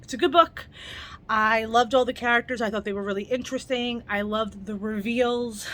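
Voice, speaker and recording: A fairly high-voiced young woman talks through a book review at home late in the evening, chatty and eager though plainly tired. A faint hiss of room noise sits under her voice. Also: fairly even intonation, normal speed, a bit bright. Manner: chatty, enthusiastic, laughs often. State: tired, yawning. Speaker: book reviewer, channel host. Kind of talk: casual book review vlog.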